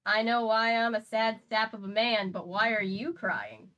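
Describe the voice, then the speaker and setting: A woman voicing a sad, kindly older drifter man in a cowboy drawl, folksy and gentle, read aloud from a novel. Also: sits high, normal speed, lo-fi sound. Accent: American cowboy drawl.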